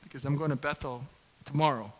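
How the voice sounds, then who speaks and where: A middle-aged man preaching a casual sermon in a church, chatty and self-deprecating, bursting into loud impassioned preaching when he gets going. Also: mid-range voice, a little fast, rough recording. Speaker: pastor. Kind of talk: conversational sermon.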